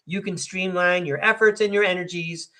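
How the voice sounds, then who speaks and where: At a moderate pace and with fairly even intonation, this American man's high voice sounds pushed and bright. He hosts a podcast, reading tarot live in a folksy, chatty, rambling way punctuated by frequent laughter.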